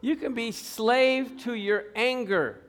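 A man's voice: extremely high pitch, takes it slowly, a bit bright. A middle-aged man preaching a sermon as pastor, telling stories and acting out the people in them, often laughing. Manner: storytelling, acts out quoted people, laughs often.

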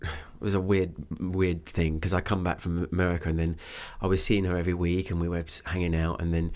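A man's voice: sits low, little pitch movement, fairly quick, darkish tone. A man with an English accent, chatting casually as a guest and rambling with many fillers. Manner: rambling, full of fillers and restarts. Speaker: guest, business owner. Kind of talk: casual conversation.

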